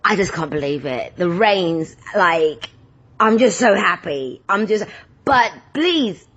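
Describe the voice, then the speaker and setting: A woman's voice: fairly low pitch, slow. A woman hosting her podcast as a casual, playful monologue. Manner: animated, playful, breaks into silly singing. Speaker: podcast host. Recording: dull lo-fi recording.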